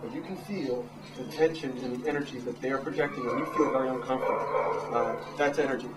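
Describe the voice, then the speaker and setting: A man in his thirties, a dog trainer, giving a casual, animated talk to a live audience. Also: medium pitch, quick pace. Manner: animated, acts out quotes in raised voices. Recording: echoey room from far off, noisy.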